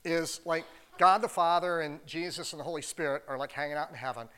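A man preaching a sermon in a loose, conversational way, sprinkling "like" through his sentences. His voice sits a bit high, and his delivery stays animated and easygoing. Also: fairly quick, clean tone. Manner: casual, animated, many "like" fillers. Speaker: pastor.

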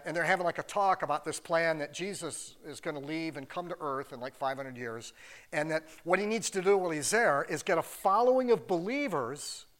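Speaking at a somewhat high pitch, this pastor keeps his sermon casual and talky, with "like" popping up again and again. He stays lively and easygoing throughout.

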